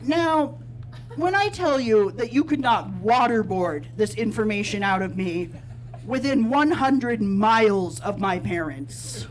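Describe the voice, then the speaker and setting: A man doing a stand-up set, telling a self-deprecating story in a deadpan way at a live comedy show. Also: sits high, measured pace, poor audio.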